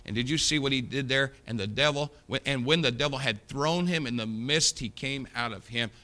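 A man preaching an impassioned sermon, swinging from loud declarations to low, confiding asides. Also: normal speed. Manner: impassioned, rises loud on key points, drops low to confide.

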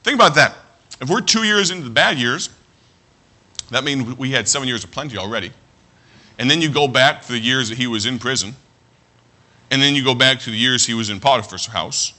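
Male pastor, mid-pitched, very bright sharp tone, earnest sermon delivery with restarts. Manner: earnest preaching with frequent restarts, slows to read scripture.

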